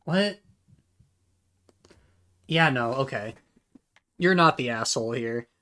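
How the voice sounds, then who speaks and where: A man's voice: mid-range voice, pushed and bright. A man hosting a reaction video, ranting in casual commentary, exasperated and swearing a lot, stumbling over repeated words as he reads posts aloud to himself. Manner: talks to himself while reading posts aloud.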